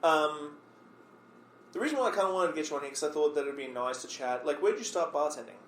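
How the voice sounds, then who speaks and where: A man's voice: fairly high pitch, fast talker, slight background noise. A man hosting a casual podcast interview, talking loosely with plenty of fillers and restarts. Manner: relaxed, rambling with many fillers. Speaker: podcast host. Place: bar or room, recorded on a phone. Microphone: phone recorder. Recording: echoey room.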